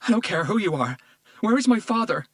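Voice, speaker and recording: A man's voice: animated, normal speed, fairly bright tone, no echo, clean studio sound, distant mic. A man voicing a distraught woman in her early thirties, frantic and pleading as she reads an audiobook scene. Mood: panicked. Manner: frantic, high-pitched and pleading.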